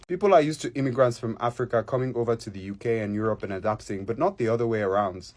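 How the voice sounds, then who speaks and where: Man, Nigerian accent, vlogger, casual rant, animated, emphatic. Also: mid-range voice. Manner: animated, emphatic, addresses viewers directly.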